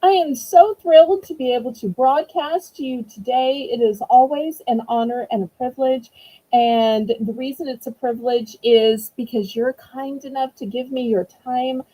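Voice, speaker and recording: A woman's voice: high voice, normal speed, warm tone, low-quality recording. A woman with a Southern US accent hosting a live-stream auction, gracious, chatty and effusive. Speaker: auction host.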